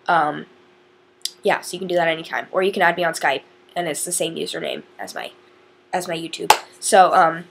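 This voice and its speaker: A woman's voice: low voice, brisk, creaky, fairly bright tone, slight background noise. A teenage girl from northern Indiana chatting to camera in a rambling, casual way with lots of fillers. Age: teens. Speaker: vlogger.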